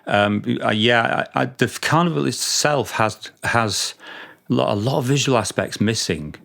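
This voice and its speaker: A middle-aged man telling stories as a podcast guest, halting with many restarts. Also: mid-range voice, animated, vocal fry, fairly bright tone. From Britain. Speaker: podcast guest, multi-instrumentalist. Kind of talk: casual storytelling interview.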